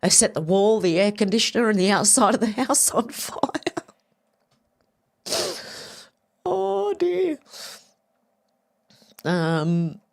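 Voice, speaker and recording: An Australian woman hosting a casual livestream, rambling and chatty as she talks to viewers and reads their comments. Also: medium pitch. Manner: rambling, chatty, repeats herself, quick laughs. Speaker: livestream host.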